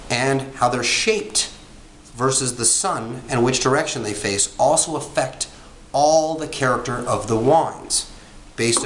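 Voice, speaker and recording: A man's voice: mid-range voice, fairly bright tone. A man casually reviewing a wine, chatty and rambling, with frequent ums and self-corrections. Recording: echoey room with faint background noise.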